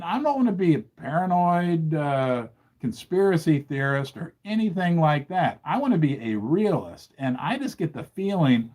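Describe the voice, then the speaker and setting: A man hosting a livestream, talking in an animated, indignant way and firing questions at his audience. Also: high-pitched. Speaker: host. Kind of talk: livestream commentary.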